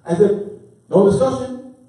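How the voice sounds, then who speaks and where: A man's voice: sits high, moderate pace, dark tone. A man lecturing to a live audience, quizzing them call-and-response style and repeating key words with emphasis. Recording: very echoey room, mic far off.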